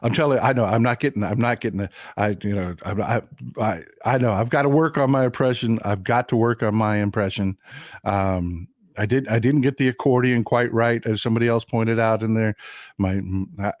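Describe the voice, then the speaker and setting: A man from Texas hosting a livestream of political commentary, getting over a cold, talking in an animated, indignant way and repeating phrases for emphasis. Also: on the low side, a little fast, dry recording, clean studio sound. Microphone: desk mic at a computer for a livestream.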